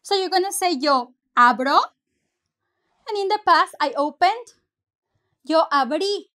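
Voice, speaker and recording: High-voiced, slow-talking teacher woman. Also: lively intonation, pushed and bright. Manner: patient, explains step by step, mixes English and Spanish. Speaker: Spanish teacher. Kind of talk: language lesson.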